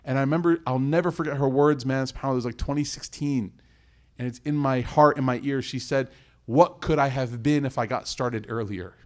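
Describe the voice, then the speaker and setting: A man in his thirties giving an earnest sermon to a gathered audience, then leading a heartfelt prayer. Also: a little mellow. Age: 30s. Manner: earnest, rises in pitch for emphasis, slows on key lines. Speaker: preacher. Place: room with a live audience.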